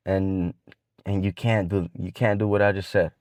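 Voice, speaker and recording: A man's voice: low voice, flat delivery, normal speed, a little mellow, no room sound, studio quality. A man giving casual dating advice to the camera, talking in slang and swearing freely as he rambles along with restarts.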